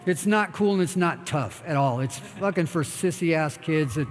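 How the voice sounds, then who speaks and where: A man's voice: fairly high pitch, normal speed, a little hiss or hum. Blunt, profane older man in a hall. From United States. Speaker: guest speaker. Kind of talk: candid live talk with audience questions. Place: expo talk stage in a large hall. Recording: long hall reverb.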